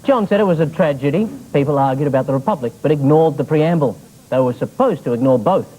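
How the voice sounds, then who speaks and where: Aussie guy hosting a comedy quiz, kinda high voice, wry jokey delivery, loud hiss on an old tv recording. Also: fast. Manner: wry, mock-serious delivery of jokes. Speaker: quiz show host. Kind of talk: scripted topical comedy monologue. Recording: noisy old TV broadcast recording.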